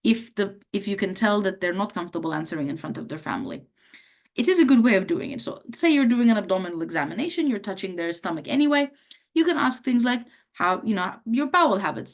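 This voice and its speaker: Hoarse woman teaching medical students. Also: medium pitch, very animated, fast. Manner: conversational, acts out patient questions. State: hoarse from a cough. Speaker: medical lecturer. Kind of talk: teaching a workshop on history taking.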